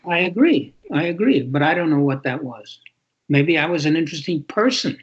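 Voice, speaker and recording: A man's voice: a little high, expressive, normal speed, slightly rough. Older man, thoughtful, repeating himself. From New York City. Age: 80s. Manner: thoughtful, repeats words and phrases for emphasis. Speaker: author guest. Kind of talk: reflective interview talk. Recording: lo-fi muffled audio.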